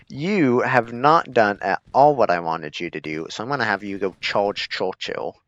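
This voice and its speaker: A gaming streamer with a lowish, fairly bright voice gives laid-back, chuckling, self-deprecating commentary while playing a strategy game. There's no echo, but the lo-fi recording sounds slightly dull.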